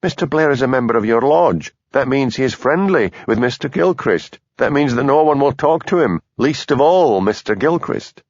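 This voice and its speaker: A man doing an earnest Highland constable. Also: animated, normal speed, few pauses, breathy edge, no room sound, highs cut off. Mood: pleading. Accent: Scottish Highland. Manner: earnest, persuasive. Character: nervous young Highland police constable, pleading.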